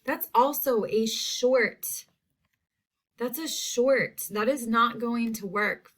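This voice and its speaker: A woman teacher giving a recorded spelling lesson to young students, saying each word slowly and clearly. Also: fairly high pitch, fairly bright tone. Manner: slow, clear word-by-word enunciation.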